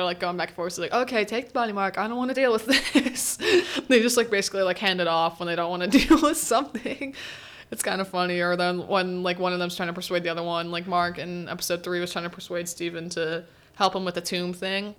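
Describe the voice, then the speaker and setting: A woman's voice: fairly low pitch, a bit bright. A young woman hosting a student podcast, chatting casually through a show recap and laughing often as she quotes characters. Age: teens. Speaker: podcast host. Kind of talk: casual solo recap chat.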